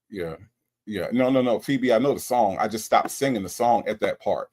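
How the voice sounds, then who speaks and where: A man's voice: mid-range voice, sing-song, moderate pace, darkish tone, breathy edge. A man hosting a casual livestream, reading chat comments aloud and joking, often stumbling and repeating himself.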